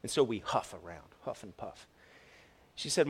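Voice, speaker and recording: A man preaching a sermon as pastor, telling a personal story with lively swings between loud and quiet delivery and frequent restarts. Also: on the low side, normal speed, breathy edge. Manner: repeats words when restarting.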